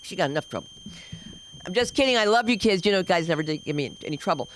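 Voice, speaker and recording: A middle-aged woman doing stand-up at an open mic, telling loud, animated stories with sudden shouts. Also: mid-range voice, rapid-fire, slight background noise, low-quality recording. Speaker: stand-up comic. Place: comedy club stage.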